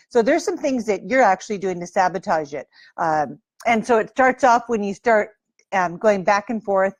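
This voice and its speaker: A woman's voice: medium pitch, no echo. A woman dating coach giving advice straight to camera in a breezy, playful way, acting out sample lines.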